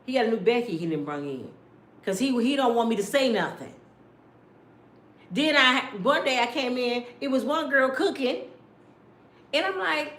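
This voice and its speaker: A sassy middle-aged woman rants through celebrity gossip, her pitch swooping up and down all the time. Her voice sits a little high and rings in an echoey room. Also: lively intonation, normal speed, long pauses, a little hiss or hum. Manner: loud, sassy, rants with acted-out quotes. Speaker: commentator. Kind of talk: casual celebrity gossip commentary.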